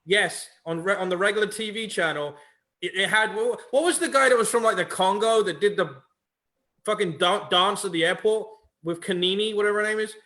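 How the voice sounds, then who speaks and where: Man, high bright voice, stammers, repeats himself, casual podcast chat. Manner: halting, repeats words, retells scenes. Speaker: podcast co-host.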